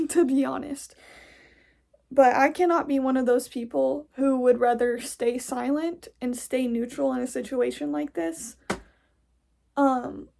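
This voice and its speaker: Angry high-voiced young woman ranting. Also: creaky, mellow. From United States. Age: young adult. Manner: angry, profane, blunt. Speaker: podcast host. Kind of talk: casual ranting monologue.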